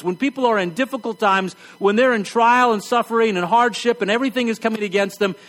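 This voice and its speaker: High-voiced man preaching a wry, blunt sermon. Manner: conversational, wry and blunt, drops to a hush for emphasis.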